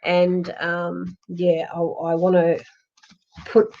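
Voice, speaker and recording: A woman's voice: lowish voice, monotone, takes it slowly, gravelly. A woman giving psychic readings on a live stream, reassuring and rambling, with many fillers and restarts. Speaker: psychic medium. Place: home, during a lockdown. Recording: dull lo-fi livestream audio.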